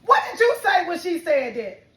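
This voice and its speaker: A woman tells a heated storytime rant into her camera. Her voice sits high and has a sharp, bright edge. She curses freely and replays the whole argument line by line, playing both sides. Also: big pitch swings, moderate pace. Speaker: vlogger.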